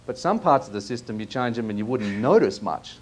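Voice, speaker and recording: A man leading a live workshop in a seminar room, asking audience members lively questions. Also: medium pitch, fairly quick, a little hiss or hum. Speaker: workshop presenter.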